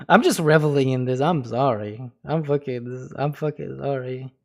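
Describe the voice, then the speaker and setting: A man with a gravelly, medium-pitched voice chats casually on a livestream. He swears often, jokes around, throws in imitation foreign phrases, and keeps laughing between lines.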